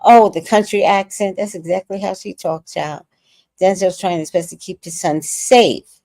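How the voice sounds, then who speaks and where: A woman's voice: lowish voice, fairly even intonation, normal speed, warm tone, no room sound. A woman in her sixties hosting a casual livestream, reading viewer comments aloud and chatting about movies. She says she is tired. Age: 60s. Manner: chatty, reacts to viewer comments with laughter and sudden sung bits. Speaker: livestream host reading chat.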